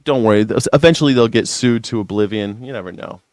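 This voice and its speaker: A man's voice: fairly low pitch, fast talker, darkish tone, dry recording. A man hosting a news reaction show, ranting in a sarcastic and profane way. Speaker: host.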